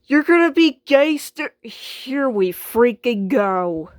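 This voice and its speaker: An exasperated, sensible washing machine, voiced by a woman, sighing and dry in her sarcasm, speaking slowly in a fairly high voice. The recording is close and dry. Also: expressive, no room sound. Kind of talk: homemade skit voice acting.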